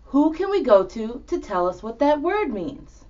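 A woman's voice: sits high, sing-song, measured pace, a little mellow. A woman presenting a children's show in an encouraging, upbeat way. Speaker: host. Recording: dull lo-fi sound.

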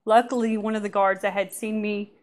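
A woman giving a lively personal testimony at church, often laughing and acting out what people said. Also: mid-range voice, fairly quick.

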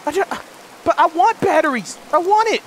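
A man hosting a horror let's play, frantic and jumpy, shouting and pleading, then muttering low to himself. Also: lively intonation, normal speed, slight background noise. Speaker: gaming channel host.

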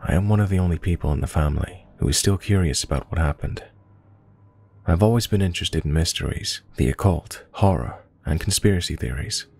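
A man reading a true scary story aloud as a scripted horror narration, slow and measured. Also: sits low, gravelly, a little mellow.

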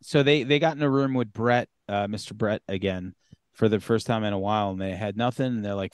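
Male podcast host, fairly low voice, casual chat, loose and profane, lots of ums, dry close sound. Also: fairly quick, clean tone, no room sound. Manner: loose and profane, many fillers.

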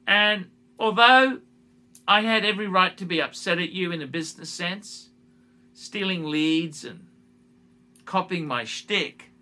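A man making a direct-to-camera apology video as a YouTuber, halting and repetitive, often restarting his phrases. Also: a little high, pushed and bright.

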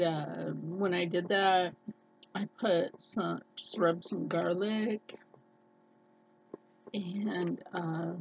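Slow-talking woman with a scratchy nasal voice. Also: lowish voice, breathy edge, lo-fi sound. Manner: rambling, chatty, many fillers and restarts. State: scratchy, slightly hoarse voice. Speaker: cooking vlogger. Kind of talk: casual cooking chat.

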